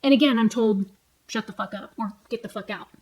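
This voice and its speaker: A woman's voice: mid-range voice, a little fast, darkish tone, rough recording. A woman in her forties venting at home in a heated, profane rant, retelling arguments line by line. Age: 40s. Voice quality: heavy swearing, blunt and heated. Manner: retells arguments with quoted back-and-forth. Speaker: vlogger. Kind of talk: angry personal rant. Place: home, sitting on a tall stool.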